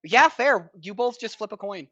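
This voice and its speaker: Giggly, bright-voiced female player. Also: mid-range voice, animated, moderate pace, highs cut off. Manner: giggly, upbeat. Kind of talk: casual game chat.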